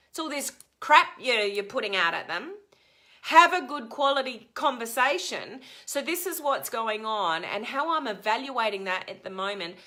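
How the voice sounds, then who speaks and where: A woman giving a live motivational coaching talk to her viewers, energetic and emphatic, acting out the complaints she quotes. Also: a little high, normal speed. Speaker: life coach.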